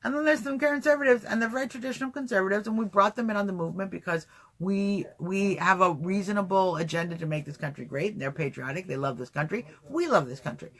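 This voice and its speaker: A man hosting a casual livestream talk show, rambling and animated, answering chat comments as he goes. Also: high voice. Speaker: livestream host.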